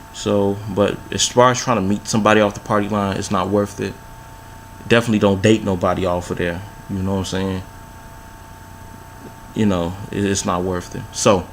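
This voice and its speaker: A man's voice: fairly low pitch, slight background noise. A man in his thirties telling a long personal story to camera in a laid-back, repetitive way with street slang. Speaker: vlogger. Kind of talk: casual storytelling monologue.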